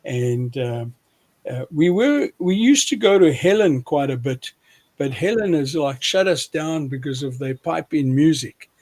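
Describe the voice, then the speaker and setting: A man's voice: on the high side, lively intonation, measured pace, darkish tone. A man with a South African accent, a preacher chatting casually as an interview guest, self-deprecating and often restarting his sentences.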